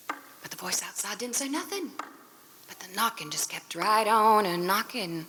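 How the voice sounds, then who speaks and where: A woman's voice: medium pitch, expressive, moderate pace, fairly bright tone, slight background noise. Dramatic woman storyteller. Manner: dramatic, rhythmic, dropping to whispers. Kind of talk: folk tale storytelling.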